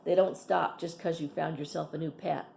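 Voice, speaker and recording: Brief: a stern woman with a firm scolding tone, low and dark, as read aloud by a narrator. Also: normal speed, a little hiss or hum, close to an everyday voice. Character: stern woman giving a boy orders.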